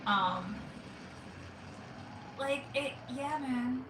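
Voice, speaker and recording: A woman's voice: high-pitched, very slow. A woman in her forties from Saint Louis, co-hosting a watch party in rambling, giggly casual chat. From Saint Louis, USA. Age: 40s. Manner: giggly, rambling, self-interrupting. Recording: roomy, distant mic, noisy.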